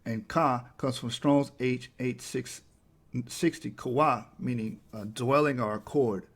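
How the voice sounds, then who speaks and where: A man's voice: medium pitch, unhurried. A man talking through a slide presentation, emphatic and often asking "right?" to the listener.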